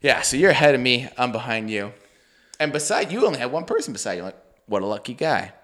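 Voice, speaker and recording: A man co-hosting a podcast, telling a story in a casual, profane, animated way and laughing often. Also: medium pitch, fast talker. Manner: animated, mimics his friend in a bouncy voice. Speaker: podcast co-host.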